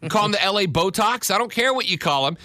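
A man hosting a sports radio show, joking around and rattling off stats quickly at a studio mic. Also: high-pitched, expressive, bright, forceful tone, dry recording. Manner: wisecracking, rattles off stats fast. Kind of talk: casual sports radio talk.

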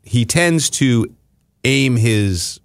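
A man's voice: medium pitch, expressive, extremely slow, no room sound, clean studio sound. A man co-hosting a podcast, telling a rambling, mock-indignant story in casual chat with frequent chuckles. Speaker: podcast co-host.

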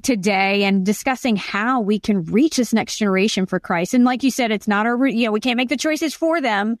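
A woman's voice: on the high side, a little fast, no room sound, clean studio sound. A middle-aged woman hosting a Christian podcast, talking earnestly and affirming her guest often. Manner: earnest, affirming, frequent mm-hmms. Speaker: podcast host. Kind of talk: casual Christian podcast interview.

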